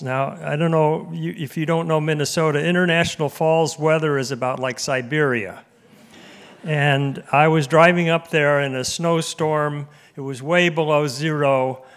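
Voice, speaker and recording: A man in his seventies, an emeritus professor giving a conference talk to a live audience in an auditorium, telling a self-deprecating anecdote in a relaxed way. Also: on the high side. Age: 70s. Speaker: guest speaker, emeritus professor.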